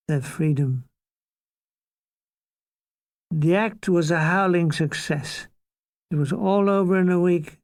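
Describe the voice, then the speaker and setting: With a fairly high, slightly mellow voice and no room sound, an older man from Ireland narrates his war memoir. He tells it in a dry, comic way, tossing in quick asides and putting on mock voices.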